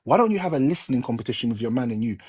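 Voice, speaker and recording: A man with a Jamaican accent holds forth on a live talk stream. His voice is mellow and husky, and he lectures emphatically, circling back to repeat each point. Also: mid-range voice, animated, rapid-fire. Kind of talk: casual chat.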